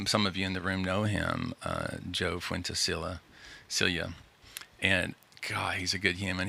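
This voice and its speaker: Male host, very deep and gravelly, bright tone, easygoing and rambling. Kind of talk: live community show chat. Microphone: studio microphone.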